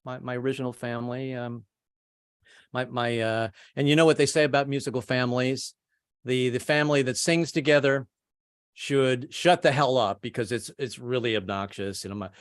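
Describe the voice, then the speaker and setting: A man's voice: medium pitch, fairly even intonation, moderate pace, clean tone, no room sound. Male stand-up comic, rambling delivery with frequent restarts, dry close mic. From American, family from Kentucky. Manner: rambling, repeats words, acts out voices. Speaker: stand-up comedian. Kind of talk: stand-up comedy set.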